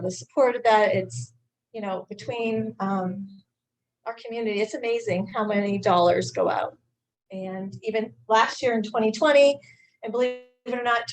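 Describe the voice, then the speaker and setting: A middle-aged woman with a slightly high voice gives an informal talk at a club meeting. She speaks in a halting way, with frequent fillers and restarts. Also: poor audio. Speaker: high school teacher and staff speaker.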